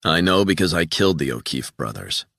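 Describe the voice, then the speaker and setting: A man voicing a calm investigator who speaks tersely and levelly. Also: extremely low pitch, a little fast, gravelly, dry recording, clean studio sound, heavily acted.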